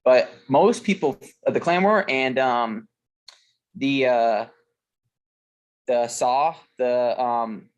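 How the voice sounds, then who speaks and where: A man chatting casually on a podcast, his voice sitting in an ordinary middle pitch. He tells stories in a loose, profane, rambling way, full of fillers and restarts. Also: slow pace, long pauses, clear, resonant tone, lo-fi sound. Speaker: podcast co-host. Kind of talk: casual chat.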